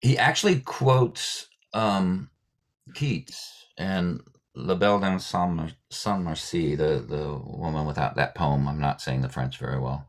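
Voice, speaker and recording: A man, a poet and writing teacher, leading a workshop on a video call, speaking thoughtfully with many fillers and restarts and demonstrating sounds slowly. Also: very deep voice. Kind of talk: guest talk leading a workshop.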